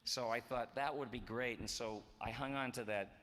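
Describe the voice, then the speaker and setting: A man's voice: mid-range voice, moderate pace. A man in his sixties, a guest voice actor on a convention panel, telling stories animatedly and acting out the quotes. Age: 60s. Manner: animated, acts out quotes, restarts phrases. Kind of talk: storytelling in a panel Q&A. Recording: echoey hall with faint noise.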